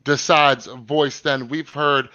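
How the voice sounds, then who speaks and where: Male host on a live stream: a bright, dry, lo-fi voice, rambling with lots of fillers. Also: medium pitch, fairly even intonation, slow, no echo. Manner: rambling, many fillers and restarts. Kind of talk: casual chat reading comments.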